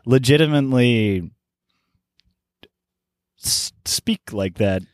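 A man co-hosting a casual podcast, jokey and animated, who often slips into mocking voices. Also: medium pitch, slow pace, no echo, studio quality. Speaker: podcast co-host.

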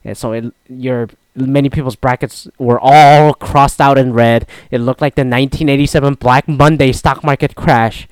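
A man's voice: mid-range voice, fairly even intonation, moderate pace, hardly any pauses, smooth, dry recording. A man hosting a solo podcast, chatting casually about sports in a rambling, profane way with many restarts. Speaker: podcast host.

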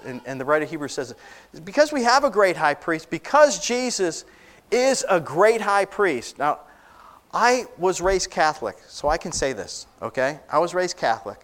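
A male pastor preaching a sermon, telling a Bible story with animated asides and acted-out lines. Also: a little high.

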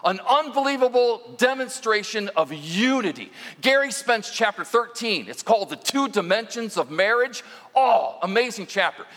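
A man's voice: high voice, sing-song, normal speed, fairly bright tone, in a large hall. A man preaching as lead minister, mixing stories with direct talk to the congregation in a conversational sermon.

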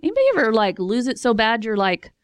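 Woman preacher, casual and expressive, fairly high voice, dry close recording. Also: quick pace, no room sound. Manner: chatty and expressive, laughs often, acts out voices. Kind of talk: casual sermon.

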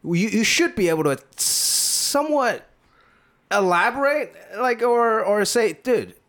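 Lively, swearing man in casual chat. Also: high-pitched, a little slow. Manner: loose, swearing, emphatic slang. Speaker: podcast host.

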